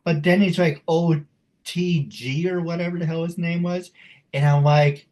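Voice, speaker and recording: Man hosting, joking and a bit high. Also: steady tone, moderate pace, a little mellow. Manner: loose, joking, chatty. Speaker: interview host. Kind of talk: casual interview chat.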